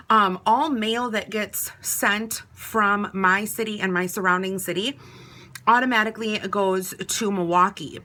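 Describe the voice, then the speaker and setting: A woman's voice: mid-range voice, bright, forceful tone. A woman, telling a personal story in a casual, chatty way, full of "like" and acted-out quotes. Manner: chatty, many "like"s, acts out quoted talk.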